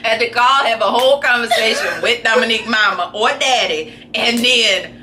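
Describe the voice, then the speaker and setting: A woman's voice: a little high, moderate pace, background noise. A young woman co-hosting a casual chat, chatty and laughing along with her friend. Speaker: podcast co-host.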